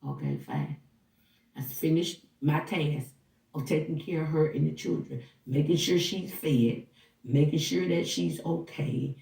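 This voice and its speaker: A housekeeper with a low, gravelly voice edged with vocal fry recounts what she saw, taking her time. She's animated and casual, slipping into the voices of the people in her story. The recording is roomy and echoey, with her sitting well away from the mic.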